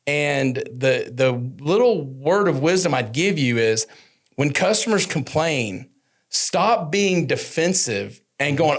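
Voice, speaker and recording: A man hosting a business podcast, telling stories in a casual, animated way and acting out what people said. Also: takes it slowly. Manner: animated storyteller, acts out quotes with rising pitch. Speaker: podcast host.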